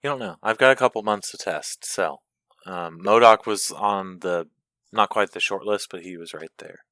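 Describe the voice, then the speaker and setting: A man co-hosting a podcast in casual gaming chat, easygoing and quick to agree. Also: deep voice, sharp tone, no room sound. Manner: easygoing, short agreeing replies. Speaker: podcast co-host.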